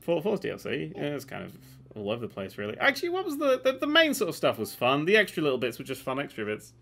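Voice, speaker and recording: A young man co-hosting a gaming news show in loose, sweary chat. His voice is bright and edgy, and it leaps all over the place as he rants. He gets loud and heated in bursts. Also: fairly high pitch, fast, gravelly. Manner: sweary, ranting, animated. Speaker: host.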